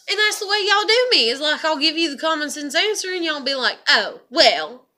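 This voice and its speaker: A woman's voice: high-pitched, pushed and bright. A woman, venting bluntly in a raw, profane, heartfelt monologue. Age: 30s. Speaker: vlogger.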